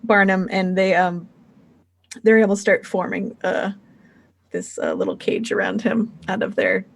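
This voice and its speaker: A woman's voice: mid-range voice, steady tone, a little slow, gravelly. Woman game master, mid voice, loose and rambling. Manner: rambling, fillers, giggly. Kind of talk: narrating a tabletop game.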